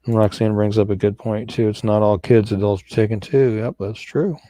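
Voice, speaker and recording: A man's voice: on the low side, steady tone, a little fast, dark tone, no room sound. A man co-hosting a live talk show on missing people, earnest and folksy, often repeating himself. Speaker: co-host of a missing persons show. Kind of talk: casual live-stream talk.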